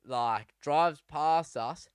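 Laid-back young man, smooth voice. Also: fairly high pitch, extremely slow, dry recording, studio quality. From Australia. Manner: laid-back, laughs through stories. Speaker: podcast co-host. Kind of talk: casual storytelling chat.

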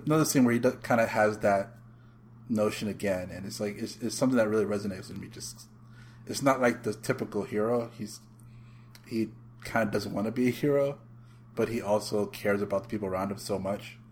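Low-pitched man, casual podcast chatter, rambling with fillers, faint ambience behind. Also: a little fast, slight background noise. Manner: rambling, many fillers and restarts. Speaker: podcast panelist. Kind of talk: casual chat.

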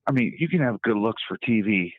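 A man's voice: on the low side, lively intonation, fairly quick, dry recording. A man who works in radio calling in to chat on a podcast, easygoing and mimicking voices as he tells stories. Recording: dry, dull call-in audio.

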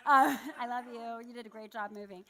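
A woman's voice: fairly high pitch, brisk, bright, forceful tone. A woman giving a sermon, telling a personal story in a candid, self-deprecating way with laughs. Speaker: church speaker.

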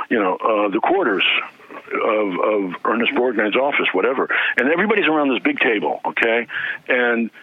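A man's voice: mid-range voice, no room sound. A man, an author guest in a casual interview, telling behind-the-scenes stories and acting out the quotes. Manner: animated storyteller acting out quotes. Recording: tinny phone line.

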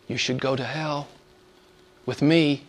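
A male preacher with a high-pitched voice delivers a sermon. He repeats phrases and asks rhetorical questions. He swings from loud, emphatic peaks down to hushed asides that are almost whispered. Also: expressive, unhurried.

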